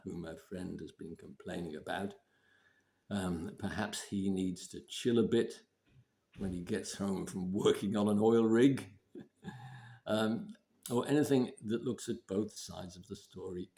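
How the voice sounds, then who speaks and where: A man giving relationship advice in a measured way, often clearing his throat and repeating points for emphasis. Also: deep voice, mellow. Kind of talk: advice talk to camera.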